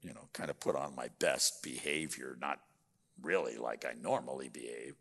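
A man's voice: rumbling low, normal speed, vocal fry, a bit bright, husky, big-room sound, voice pushed down, heavily acted. A man voicing a smitten young boyfriend who sweet-talks his date and later turns grumbling as a husband. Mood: fretful. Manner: sweet-talking, then sulky.

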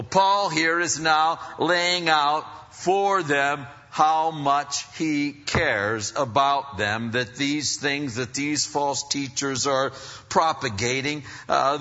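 A man preaching a sermon as pastor, animated, going from loud emphasis to soft asides. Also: fairly high pitch. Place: church hall. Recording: dull sound, long hall reverb.

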